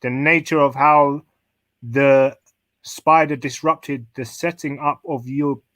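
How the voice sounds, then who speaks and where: A man's voice: mid-range voice, fairly even intonation, slow, a bit bright, dry recording. A man chatting casually on a podcast, rambling and slangy, laughing often. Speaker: podcast co-host. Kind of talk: casual chat.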